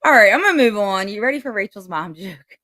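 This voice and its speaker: A woman's voice: medium pitch, animated, fast, bright, forceful tone. A woman co-hosting a sports podcast, teasing her partner and reading listener comments aloud. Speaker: podcast co-host. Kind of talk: casual sports chat.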